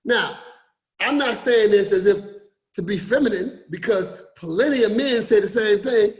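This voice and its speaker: High-voiced preachy male motivational speaker. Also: unhurried. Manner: preachy, repetitive, swings between loud emphasis and low drops. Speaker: forex coach and motivational speaker. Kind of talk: motivational talk to an online group.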